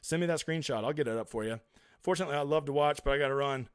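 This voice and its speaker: A man with a fairly high, clean-toned voice races through a casual live stream, reading viewer comments aloud and answering them in a chatty, blunt, emphatic manner. The audio is dry and studio-clean.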